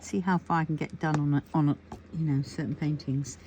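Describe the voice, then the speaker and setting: A low-voiced woman chats to camera as a crafting vlogger, thinking aloud and rambling through her plans with lots of fillers. Faint keyboard tapping and room ambience sit quietly behind her. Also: fairly even intonation, fairly quick, lo-fi sound, slight background noise. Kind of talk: casual chat to camera.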